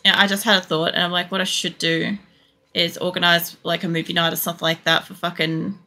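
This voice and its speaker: A woman streamer giving casual, chatty gameplay commentary, swearing freely as she thinks out loud. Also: lowish voice, little pitch movement, a little fast. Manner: chatty and profane, thinking aloud. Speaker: game streamer.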